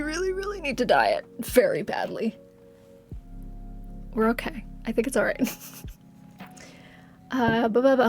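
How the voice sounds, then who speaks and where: A young woman streamer chatting casually on a live stream, giggling often and swearing offhandedly, with music faintly behind. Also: a little high. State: has covid.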